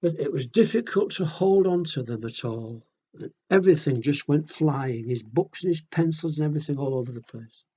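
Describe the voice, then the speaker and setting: A man reading picture books aloud to children in a gentle, chatty way, often asking the listener questions. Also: a little high, normal speed, few pauses, breathy edge, dull audio. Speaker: children's storyteller.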